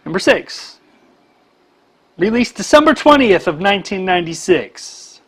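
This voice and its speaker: High, lively man teasing on a podcast. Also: measured pace, slightly rough. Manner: playful teasing. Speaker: podcast co-host. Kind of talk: casual chat, reading out a countdown list.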